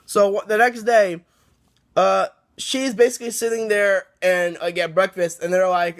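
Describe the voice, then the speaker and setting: A man giving a casual book review, rambling and excitable, with many restarts. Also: high-pitched, a little slow.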